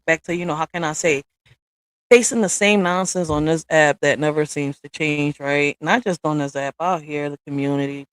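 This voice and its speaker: Hosting a home live stream, a low-voiced woman launches into a blunt, casual rant aimed straight at her viewers, peppered with profanity and slang. It's a dry recording captured via streaming software.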